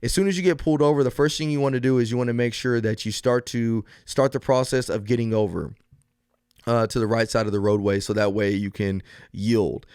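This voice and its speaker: This solo podcast host is a policeman offering advice, earnestly laying it out one step at a time while frequently backtracking and filling pauses. He talks fairly quickly at a medium pitch, his tone smooth and somewhat dark. The studio-quality sound has no echo.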